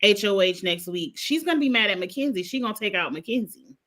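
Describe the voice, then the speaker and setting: A woman's voice: medium pitch, expressive, fast, a bit bright. A woman co-hosting a casual podcast chat, giving blunt, firm opinions. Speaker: podcast co-host.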